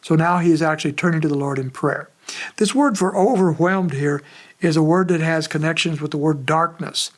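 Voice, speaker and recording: Higher-pitched male pastor, conversational, unhurried expository sermon. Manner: conversational, measured preaching with frequent pauses.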